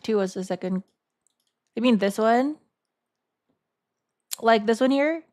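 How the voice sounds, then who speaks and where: A woman streamer in casual live-stream chat, thinking aloud in a halting way and repeating words as she talks to her chat. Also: on the high side, a little mellow.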